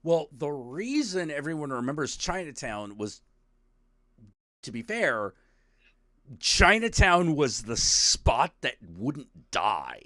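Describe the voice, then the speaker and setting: A man's voice: a little high, takes it slowly, no echo, clean studio sound. A man hosting a stream, ranting casually and swearing a lot. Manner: profane, animated, ranting. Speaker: stream host.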